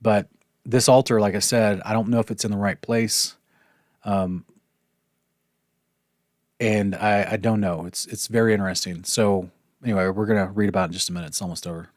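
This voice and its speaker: A man's voice: fairly low pitch, fairly even intonation, moderate pace, long pauses, no echo, studio quality. A man teaching a casual Bible study lesson, talking things through conversationally with restarts and asides. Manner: conversational, thinks aloud with restarts and apologies.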